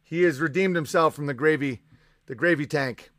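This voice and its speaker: High-voiced, profane male streamer. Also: moderate pace, a bit bright, dry recording, studio quality. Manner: profane, combative, sarcastic. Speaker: livestream host. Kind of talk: ranting live-stream chat.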